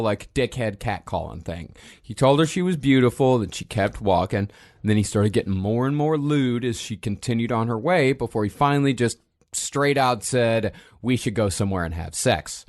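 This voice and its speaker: Man narrating true crime with lively pitch. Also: moderate pace. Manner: recounts case facts steadily with wry asides. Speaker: host and narrator.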